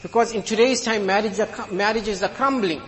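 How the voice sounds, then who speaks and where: A man's voice: high-pitched, a little fast, fairly bright tone. A man delivering an emphatic sermon in a mosque, illustrating his points with humorous stories. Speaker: preacher. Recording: long hall reverb.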